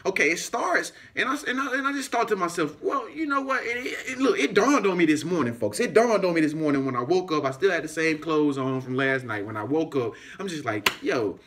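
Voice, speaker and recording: A somewhat high-voiced man tells a rambling story straight to his viewers. He talks in a loose, casual way, full of fillers, and keeps jumping into other people's voices as he acts the story out. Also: brisk, few pauses. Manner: animated, acts out voices in anecdotes, frequent fillers. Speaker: YouTuber.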